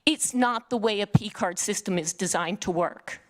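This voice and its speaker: A woman's voice: mid-range voice, normal speed, no room sound. A woman making a public comment to a town council, firing off pointed questions while admitting she is nervous, with a Northeastern US accent.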